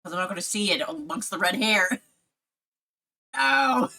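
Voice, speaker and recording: A woman's voice: fairly low pitch, fast talker, pushed and bright, husky. A woman streamer chatting casually while drawing, rambling, giggling often and joking at her own expense. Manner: giggly, rambling, self-mocking.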